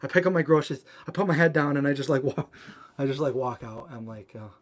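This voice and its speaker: A man's voice: mid-range voice, fast talker. Rambling man chatting on a live stream. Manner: rambling storytelling full of filler words. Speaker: vegan cooking channel host. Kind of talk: casual livestream chat answering viewer comments.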